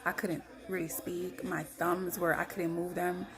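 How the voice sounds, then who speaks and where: Woman, low gravelly voice, blunt animated storytelling, swearing, crowd noise behind. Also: unhurried. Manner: animated, blunt, swears freely, acts out others' lines. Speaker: storyteller recounting her own experience. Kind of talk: candid personal storytelling to camera.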